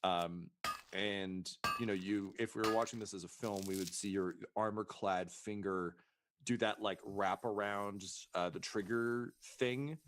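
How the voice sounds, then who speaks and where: A man's voice: lowish voice, fairly even intonation, a little slow. A man running a tabletop role-playing game as game master, casual and profane, with many fillers. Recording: noisy stream mix.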